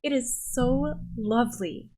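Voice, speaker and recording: A woman's voice: fairly high pitch, a little slow, mellow. A woman playing a gushing, gracious elf lady. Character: warm, enthusiastic woman elf.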